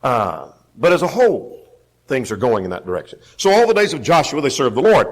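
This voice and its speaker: A male Bible class teacher with a lively, up-and-down voice in a middle register. He stresses his points by repeating them and keeps asking his listeners questions. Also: mid-range voice, fairly quick. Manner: emphatic, repeats key phrases for the class.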